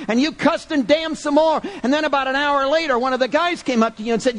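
A man preaching a sermon, driving his points home with rhetorical questions and swinging from loud emphatic bursts to quiet, hushed lines. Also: very high-pitched, a little fast, hardly any pauses.

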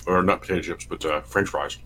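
A man's voice: deep voice, fairly even intonation, a little fast, pushed and bright, a little hiss or hum, low-quality recording. A man from Canada co-hosting a podcast in casual chat, joking, swearing and eating on mic. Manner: eats on mic, swears, jokey. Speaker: podcast co-host.

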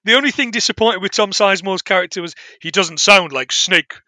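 A man's voice: high voice, a little fast, sharp tone, no echo. A man chatting casually as a podcast co-host, rambling with frequent laughs and restarts. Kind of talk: casual film review chat.

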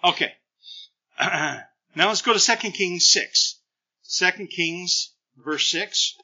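A middle-aged man preaching a sermon, telling scripture stories in an animated way and acting out the lines of the people in them. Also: high voice, slow pace, poor audio. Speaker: pastor.

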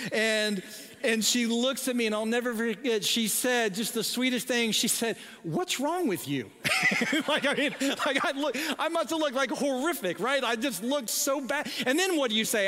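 A man in his forties preaching a sermon, telling a story in a self-deprecating, animated way with halting restarts. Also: very high voice. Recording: long reverb in a large hall.

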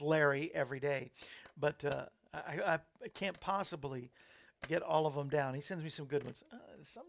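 A man's voice: on the high side, vocal fry, a bit bright, slight background noise. A man hosting a talk show, chatting in a rambling way and laughing at his own jokes. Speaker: host.

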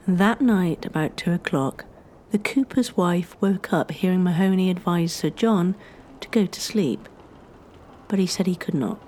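Female history narrator, mellow tone, measured scripted storytelling, faint noise behind. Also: fairly low pitch.

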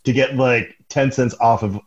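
Male storyteller, mid pitch, rambling and laughing. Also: fairly even intonation, normal speed, highs cut off. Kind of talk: casual comedy podcast chat.

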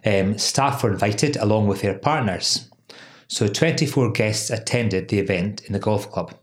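A man's voice: lowish voice, moderate pace. A man hosting a legal podcast, chatty and laughing often, with many "um"s. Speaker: podcast host, employment lawyer. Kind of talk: casual legal podcast chat.

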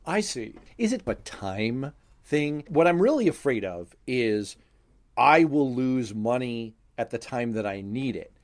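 Male radio host, playful and inquisitive, animated pitch, remote video call. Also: measured pace. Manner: joking, curious questioner. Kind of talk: radio and podcast interview. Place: home office on a video call.

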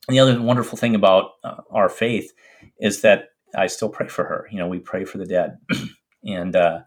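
Earnest low-voiced middle-aged man. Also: steady tone. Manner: earnest, reflective, halting. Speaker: infectious disease doctor. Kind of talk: personal storytelling in an interview.

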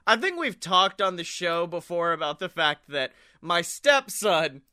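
A young man co-hosting a comedy podcast, telling animated stories in casual chat and swearing freely. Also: sits high, unhurried, no room sound, clean studio sound. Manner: animated storyteller, swears freely, acts out quotes. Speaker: podcast co-host.

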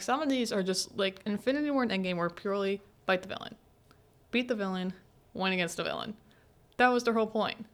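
A young woman hosting a student podcast, retelling scenes in a chatty, animated way with lots of filler words and acted-out quotes. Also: medium pitch. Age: young adult. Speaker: podcast host. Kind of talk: casual solo podcast recap.

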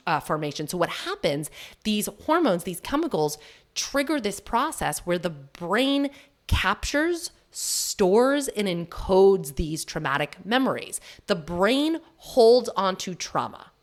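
A woman in her thirties hosting a solo podcast in a casual, candid way. She laughs often and keeps asking rhetorical questions. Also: lowish voice. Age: 30s. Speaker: podcast host.

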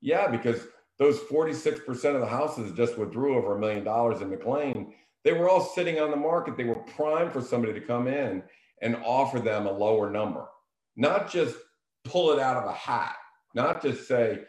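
A man talks real estate in an emphatic, coaching tone. His voice sits low, and the room around him is echoey. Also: normal speed, darkish tone. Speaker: real estate agent, show host. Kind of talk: casual business chat.

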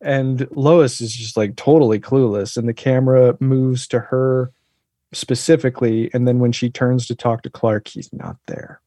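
A man talking about a TV episode in a relaxed, thoughtful podcast chat, with frequent fillers. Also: mid-range voice, moderate pace, dry recording, clean studio sound. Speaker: podcast co-host. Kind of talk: casual chat.

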